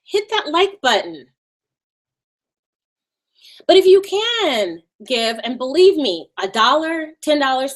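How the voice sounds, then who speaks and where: A woman with a high, bright Valley Girl voice talks to her live-stream viewers. She is sassy and animated and drops mocking asides. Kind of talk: casual live-stream talk.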